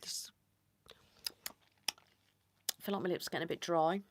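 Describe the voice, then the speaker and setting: Low-voiced Staffordshire woman chatting softly. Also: steady tone, measured pace, slight background noise. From Staffordshire, England. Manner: rambling and chatty, drifting into soft whispered asides. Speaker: ASMR channel host. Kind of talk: casual live-stream chat.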